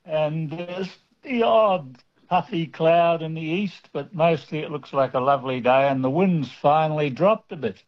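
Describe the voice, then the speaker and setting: A man calling a radio show, measured and friendly as he describes the weather. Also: fairly high pitch, muffled recording. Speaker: caller. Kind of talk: phone-in chat.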